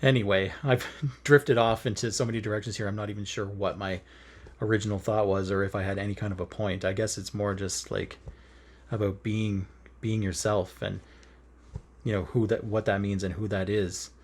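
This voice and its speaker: A man's voice: lowish voice, little pitch movement, moderate pace. A man chatting casually while stitching in bed, rambling and earnest, with lots of fillers and frequent laughs. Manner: rambling and earnest, with many fillers and self-corrections; laughs often while talking. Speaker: cross-stitch vlogger. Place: in bed at home.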